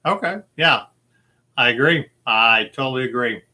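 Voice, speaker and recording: A man's voice: medium pitch, normal speed, bright, forceful tone. A man hosting a casual podcast movie quiz, upbeat and chatty, laughing easily. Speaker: quiz host.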